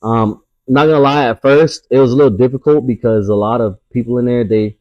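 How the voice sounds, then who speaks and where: A man's voice: mid-range voice, fairly even intonation, brisk, a little mellow, dry recording, dull audio. A man, a tattoo artist guest, telling a casual story full of swearing and acting out the voices of people he quotes. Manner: profane, acts out quoted voices.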